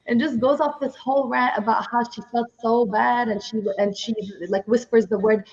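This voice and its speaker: A woman's voice: a little high, steady tone, normal speed, darkish tone. A woman with a foreign accent, co-hosting a podcast and telling a story in casual chat with laughs. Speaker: podcast co-host. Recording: dull lo-fi sound.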